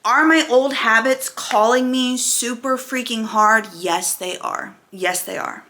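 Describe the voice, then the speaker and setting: A woman's voice: fairly high pitch, sharp tone. A woman in her forties talking candidly to camera as a weight loss vlogger, emphatic and full of rhetorical questions.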